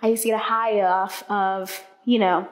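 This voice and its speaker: A woman's voice: mid-range voice, steady tone, normal speed. A woman talking candidly and casually about herself. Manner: candid, confessional. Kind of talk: casual chat.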